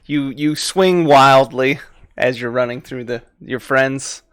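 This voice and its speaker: Male game master, relaxed, chuckles a lot, slow delivery. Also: mid-range voice, smooth, dry recording, studio quality. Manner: laid-back, laughs often, fillers while thinking. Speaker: dungeon master. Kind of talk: narrating a tabletop game.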